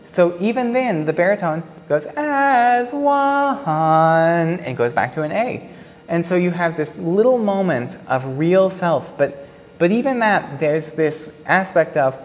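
Low-voiced woman, thoughtful, in a reverberant hall. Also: darkish tone. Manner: thoughtful, searching for words, many fillers. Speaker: panelist at a pre-show talk about an opera. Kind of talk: casual talkback to an audience.

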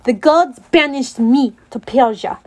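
A woman voicing a gloating male manticore villain with a put-on French accent, sneering and slow. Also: sits high, darkish tone.

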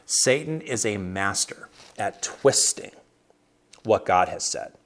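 A man with a fairly low voice teaches a small Bible study group over a video call. He speaks in a loose, conversational way, stumbling into restarts and filling pauses with "uh" and "you know.". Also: lively intonation, creaky, a bit bright. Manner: conversational, many restarts and fillers.

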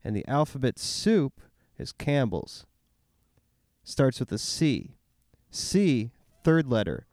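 A man's voice: medium pitch, sing-song, slow pace, long pauses, a little mellow, dry recording, clean studio sound. A man co-hosting a comedy podcast, riffing on goofy, absurd wordplay. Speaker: podcast co-host. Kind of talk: casual comedic chat.

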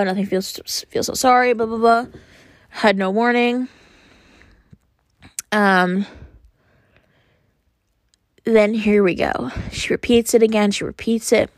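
A young woman hosting a podcast, talking frankly and earnestly in a casual monologue, often pausing on fillers. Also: medium pitch, no room sound, studio quality. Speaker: podcast host.

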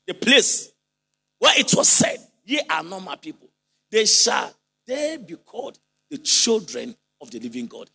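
A man preaching a sermon with fervor, leading the congregation in responses and breaking into shouted and sung phrases. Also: high-pitched, huge pitch swings, measured pace, gravelly, husky.

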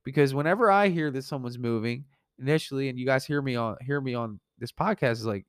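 A man's voice: mid-range voice, fast talker, smooth, no echo, studio quality. A man hosting a podcast, casually telling a story from his painting business, rambling with lots of fillers. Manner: rambling, filler-heavy, animated retelling. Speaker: podcast host and painting contractor.

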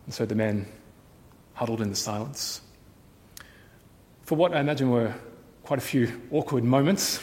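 A pastor telling a story in a sermon, dramatic, shifting from hushed to loud. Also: male voice, mid-range voice, moderate pace, long pauses, big-room sound.

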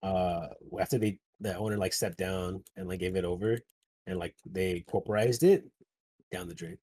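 A man's voice: sits low, moderate pace, husky. A man chatting casually, telling a rambling, profane story and acting out the people in it. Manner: rambling, profane, animated retelling with quoted voices.

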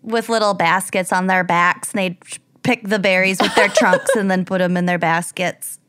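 Deadpan woman on a podcast, average pitch. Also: normal speed, clear, resonant tone, dry recording, clean studio sound. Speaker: podcast co-host. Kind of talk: casual chat.

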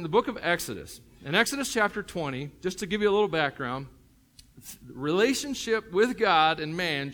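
A man's voice: high-pitched, fairly bright tone. A middle-aged man with a Tennessee accent, a pastor preaching a sermon in a joking, conversational way with many fillers and restarts.

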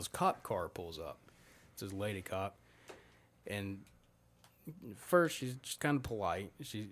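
A man's voice: lowish voice, a bit bright. A man in his thirties, a podcast guest, telling a rambling, profane story in casual chat. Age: 30s.

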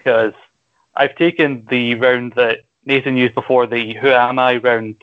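A man's voice: mid-range voice, steady tone, measured pace, narrow, tinny audio. A Scottish man hosting a casual podcast quiz, joking crudely and explaining the rules at length. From Scotland. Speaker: quiz host.

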